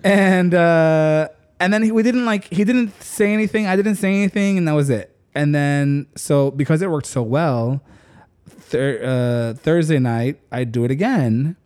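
A man on a podcast telling a story in a casual, animated way, full of "like" and casual swearing. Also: a little high, unhurried. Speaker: podcast co-host.

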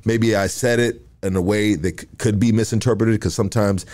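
A man hosts a podcast in a relaxed, casual way, with a low-pitched voice. He asks loose follow-up questions and hesitates here and there as he talks. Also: a little fast. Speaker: podcast host. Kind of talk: casual interview.

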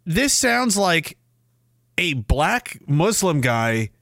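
A man's voice: a little high, sing-song, drawn-out words, a bit bright, slight background noise. A man hosting a livestream, reacting to clips with profane, mocking commentary. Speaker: livestream host.

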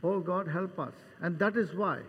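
An older man preaching a sermon as pastor, dramatic, acting out Bible scenes with voices and swinging between loud and soft. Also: sits high, moderate pace, dull audio, a little hiss or hum. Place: church hall. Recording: long church reverb.

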